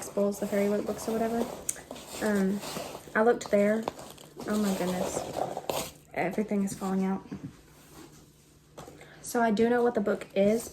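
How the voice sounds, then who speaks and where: A woman's voice: mid-range voice, darkish tone. A young woman, chatting casually to camera about books, bubbly and full of fillers. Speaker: book vlogger. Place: home room with a fan running. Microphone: camera propped on the floor. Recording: noisy room with fan hum.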